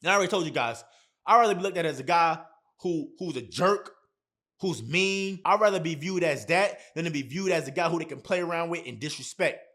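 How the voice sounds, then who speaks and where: A man's voice: fairly high pitch, expressive, fairly quick, fairly bright tone. A man giving blunt, emphatic dating advice straight to camera, repeating his points. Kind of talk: casual talk to camera.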